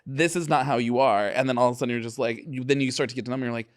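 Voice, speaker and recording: A man's voice: medium pitch, racing. Wry young man trading dry quips. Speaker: podcast co-host. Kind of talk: casual chat.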